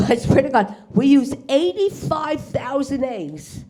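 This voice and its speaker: On a comedy club stage before a live audience, a brash "New" woman does a stand-up set in a high-sitting, sing-song voice, slow and a little mellow. She swears and plays out the characters in her punchlines.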